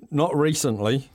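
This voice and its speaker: A man with a New Zealand accent hosting radio talkback, moving briskly through callers with friendly banter. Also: fairly high pitch, no room sound, clean studio sound. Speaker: radio host.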